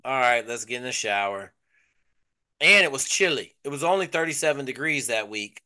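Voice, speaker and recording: A man hosting a casual chat, telling profane, animated stories. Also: mid-range voice, moderate pace. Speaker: host.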